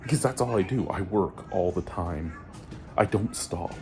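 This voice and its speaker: A man venting his frustration in a vlog, ranting and swearing freely and climbing toward near-shouting. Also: low voice, measured pace, music in the background. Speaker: vlogger and store worker.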